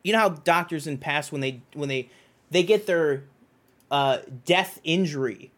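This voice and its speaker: A man co-hosting a podcast, talking in a rambling, animated way with plenty of fillers and restarts. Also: a little high, a little slow. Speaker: podcast co-host. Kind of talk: casual chat.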